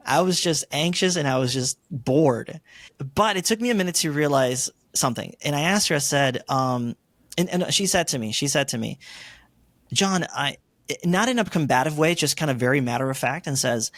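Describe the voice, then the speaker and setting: Animated storytelling man, slightly high voice. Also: moderate pace, no room sound, clean studio sound. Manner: animated storyteller, acts out his own quoted lines. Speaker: interview guest. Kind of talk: storytelling in an interview.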